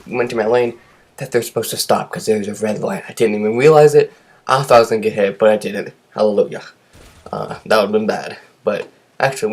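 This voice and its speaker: A man's voice: medium pitch, a little mellow. A teenage boy casually telling a rambling, self-deprecating story about his day, with sarcastic asides. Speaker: vlogger.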